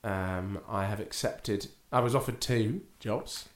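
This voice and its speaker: A man's voice: on the low side, slow pace. Chatty man, echoey room. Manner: chatty, hesitant with many ums. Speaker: podcast co-host. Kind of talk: casual chat.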